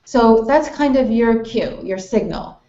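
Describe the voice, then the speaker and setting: An American woman with a warm, slightly high voice teaches English conversation in an online lesson hangout, speaking at a measured pace. Friendly and explanatory, she explains clearly and acts out example phrases with exaggerated intonation. The web call audio sounds roomy and dull.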